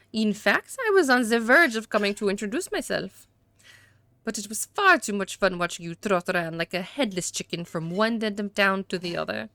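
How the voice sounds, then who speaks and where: A woman's voice: mid-range voice, a bit bright, dry recording. Woman doing a smug dandy in fake French. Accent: attempted French. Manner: haughty, formal. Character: dandified older man, smug and condescending.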